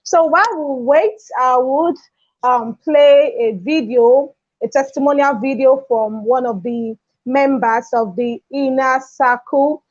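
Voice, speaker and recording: A woman's voice: high-pitched, fairly even intonation, slow pace, no room sound. Effusive woman host, dull lo-fi sound. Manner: enthusiastic, effusive. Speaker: session host. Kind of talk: hosting an online session. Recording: dull, dry lo-fi audio.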